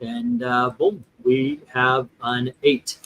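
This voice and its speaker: A man's voice: mid-range voice, flat delivery, slow, a bit bright, low-quality recording. A man hosting a casual chat, rambling through his points with lots of fillers and restarts. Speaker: host.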